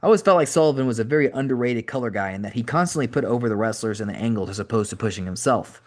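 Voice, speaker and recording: Brisk man reading an audiobook. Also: medium pitch, animated, a little mellow. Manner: brisk, wry first-person reading. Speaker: podcast host reading an audiobook. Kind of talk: audiobook narration.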